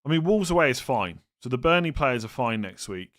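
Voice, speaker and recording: A man's voice: medium pitch, big pitch swings, brisk, a bit bright. Casual man reading live chat questions. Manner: thinks aloud, reads chat, self-mocking humor. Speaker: streamer answering viewer questions.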